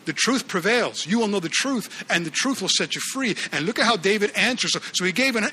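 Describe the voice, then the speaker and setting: Bright high-voiced male preacher. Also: brisk, breathy edge. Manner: animated preaching, acts out the Bible characters' lines. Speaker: pastor. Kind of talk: sermon.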